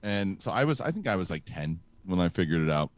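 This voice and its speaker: A middle-aged man hosts a casual talk show in a fairly low voice. He tells stories in a halting, rambling way, full of restarts and repeated words. The sound is dry and close. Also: very animated, no room sound. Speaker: host. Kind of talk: casual chat.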